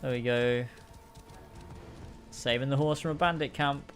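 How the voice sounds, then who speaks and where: A man's voice: mid-range voice, steady tone, a little slow, faint music behind. A young man casually commenting while playing a video game, sarcastic and swearing freely as he rants about its missions. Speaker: gaming streamer. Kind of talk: casual let's-play commentary.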